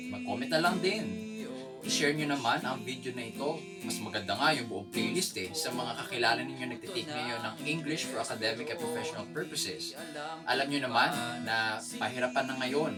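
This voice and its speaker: A man's voice: mid-range voice, recorded from a distance. A man with a Filipino accent, a chatty teacher and channel host who checks in with his viewers. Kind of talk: casual lesson in Tagalog and English. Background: guitar music.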